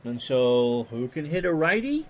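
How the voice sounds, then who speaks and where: A man's voice: medium pitch, unhurried. A man doing play-by-play for a replayed baseball game, reading stats and joking with chat between plays. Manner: reads stats in a steady run, jokes with chat between plays. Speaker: play-by-play announcer.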